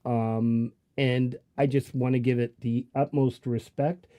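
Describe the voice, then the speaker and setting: A man with a Canadian Italian accent, hosting a live stream in a joking, casual way and filling his pauses with many ums. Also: mid-range voice, level tone, warm tone. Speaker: livestream show host.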